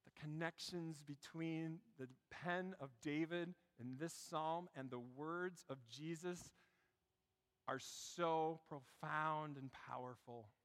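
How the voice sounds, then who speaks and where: A male pastor delivers a sermon in a high, bright tone. He shifts between animated storytelling and quiet, hushed emphasis. His voice carries a long reverb, like a church sanctuary. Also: slow. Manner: storytelling preacher, dropping to a hush for emphasis.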